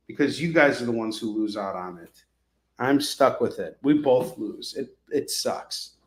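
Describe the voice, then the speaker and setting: A man hosting a live comic-book sale, chatting casually with viewers in a joking, sarcastic way. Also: medium pitch. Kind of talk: casual live selling chat. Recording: echoey room.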